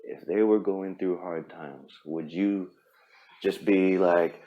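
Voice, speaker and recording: A man's voice: low voice, fairly even intonation, slow pace, mellow. A man hosting a podcast, giving a blunt, profane pep talk in a casual monologue. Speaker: podcast host.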